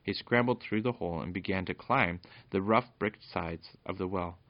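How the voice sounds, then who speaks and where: A man reading a children's storybook aloud in a steady narration with small stumbles, on a dull lo-fi recording. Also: low voice, normal speed.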